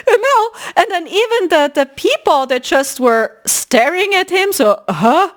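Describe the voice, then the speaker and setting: High, lively woman telling a story. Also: measured pace. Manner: animated, emphatic, retelling a story. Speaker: podcast host. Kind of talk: casual spiritual storytelling.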